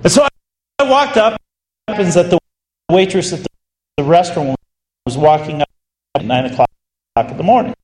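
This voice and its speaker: Man, pastor, sermon storytelling, animated, long hall reverb, faint room noise. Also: moderate pace, pauses often. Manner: animated, swings pitch for emphasis. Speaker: associate pastor.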